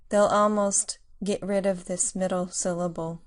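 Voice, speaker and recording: A woman teaching a Russian lesson, explaining pronunciation clearly and patiently. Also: on the low side, flat delivery, measured pace. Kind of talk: language lesson.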